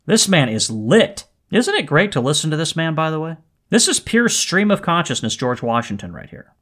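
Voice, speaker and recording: A man hosting a podcast, commenting on a historical letter in a fired-up, animated way. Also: medium pitch. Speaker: podcast host.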